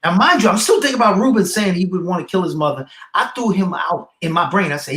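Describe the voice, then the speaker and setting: A man telling a story as a guest educator, acting out the people in it with loud bursts. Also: sits high, expressive, fast, hardly any pauses, roomy sound. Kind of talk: storytelling in a podcast conversation.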